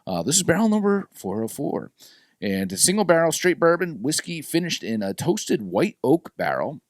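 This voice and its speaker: A man hosts a casual podcast, his pitch bouncing up and down as he talks. He swings between loud bursts and quiet asides. The sound is close and dry, with no room around it. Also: very animated, normal speed, no echo. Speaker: podcast host. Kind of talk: casual chat.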